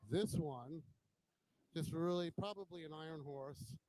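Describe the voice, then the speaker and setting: A man's voice: fairly high pitch, measured pace, mellow, no echo, poor audio. A man hosting a casual walkaround of a bike show, chatting admiringly and joking, recorded on a handheld camera as he walks. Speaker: host.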